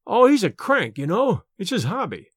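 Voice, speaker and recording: A man's voice: high voice, huge pitch swings, moderate pace, slightly rough, dry recording, clean studio sound, heavily acted. A man voicing a nervous, overwrought young male scholar in a storybook reading, speaking in an agitated, fretful way.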